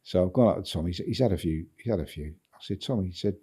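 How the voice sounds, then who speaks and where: Deep, dark and a little rough, an older Englishman's voice moves fast as he guests on a podcast. The football agent spins a lengthy story, rambling, repeating himself and chuckling as he goes.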